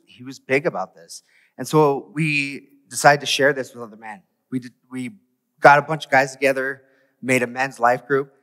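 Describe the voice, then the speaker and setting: A man preaches in a loose, conversational way, tossing rhetorical questions at his listeners. His voice sits at an ordinary middle pitch. The sound carries the long reverb of a large church hall. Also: fairly bright tone. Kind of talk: sermon. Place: church sanctuary.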